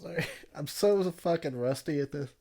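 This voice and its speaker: A man's voice: on the high side, normal speed, dark tone. Drunk, rambling man. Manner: rambling, profane, laughing often. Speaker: commentary host. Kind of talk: drunken film commentary.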